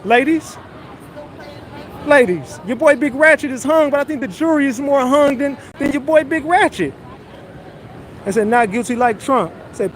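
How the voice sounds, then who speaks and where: A man's voice: very high-pitched, slight background noise. A man doing casual livestream commentary outdoors on a city street, joking loosely and reading his chat aloud into a phone.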